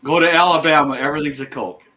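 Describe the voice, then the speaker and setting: A man's voice: a little high, steady tone, fast talker, background noise. A man from Michigan's Upper Peninsula hosting a casual chat, telling easygoing stories with repeated phrases. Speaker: host. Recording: dull lo-fi audio.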